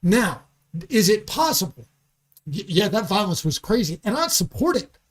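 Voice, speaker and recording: A man's voice: sits high, big pitch swings, normal speed. A man guesting on a studio podcast, speaking with heat and force. He leans hard on his words, swears freely and keeps pushing his point. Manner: heated, emphatic, swearing freely. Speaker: comedian guest. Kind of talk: podcast conversation.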